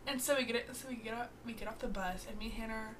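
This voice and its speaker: A young woman co-hosting a podcast, telling stories in lively, casual chat. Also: a little high, very fast, a little hiss or hum. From Louisiana. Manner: animated storytelling with swearing and laughter. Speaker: podcast co-host.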